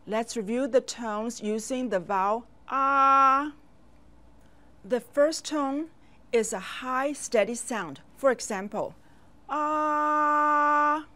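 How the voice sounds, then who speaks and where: A woman teaches a children's language lesson, speaking slowly and clearly and pausing so the learner can repeat after her. Her voice is fairly high with a sharp tone.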